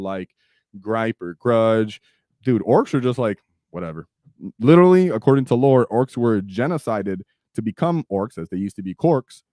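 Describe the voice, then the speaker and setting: A man's voice: lowish voice, a little mellow, clear, resonant tone, no room sound, studio quality. Chatty American man hosting a stream. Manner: chatty, reads viewer comments aloud. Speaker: live stream host. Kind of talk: casual live stream chat.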